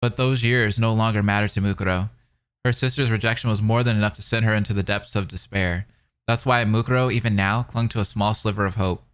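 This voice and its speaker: A man's voice: on the low side, steady tone, brisk, clear, resonant tone. Rambling young male streamer. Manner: rambling, filler-heavy casual talk. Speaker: streamer reacting to a fan dub. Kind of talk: reading a novel aloud and chatting.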